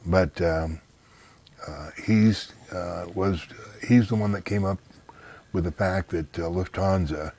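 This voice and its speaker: A man's voice: low-pitched, takes it slowly, a little mellow. A man being interviewed in casual conversation, blunt and dismissive, giving long rambling explanations. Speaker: interview guest.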